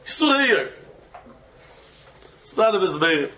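A man teaching a Talmud passage and telling a story in an animated way, slipping Hebrew and terms into his English. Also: high-pitched, unhurried. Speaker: Torah teacher. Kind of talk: Talmudic discourse with a told story.

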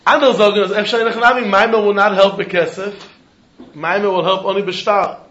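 A man giving a Talmud lesson in a lively, questioning way, mixing Yiddish terms into his English. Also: high voice, a little fast. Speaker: Talmud teacher. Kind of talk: yeshiva-style Talmud lesson. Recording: dull echoey room with faint noise.

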